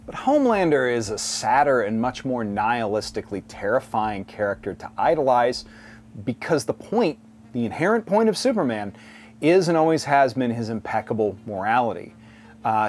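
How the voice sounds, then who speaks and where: A man's voice: medium pitch, a little mellow. A man hosting a scripted commentary video essay, with a sardonic delivery and mocking asides.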